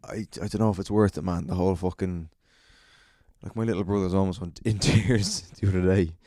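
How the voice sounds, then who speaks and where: A man's voice: sits low, fairly even intonation, brisk, mellow, dry recording, studio quality. An Irish man hosting a solo podcast, rambling and swearing a lot, self-mocking and a bit out of breath. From Ireland. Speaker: podcast host.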